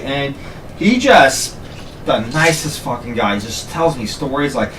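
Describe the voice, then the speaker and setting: Bright-voiced man in a roomy space. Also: mid-range voice, lively intonation, unhurried. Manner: casual, laughing, swearing. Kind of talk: casual storytelling chat. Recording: roomy, distant mic with faint noise.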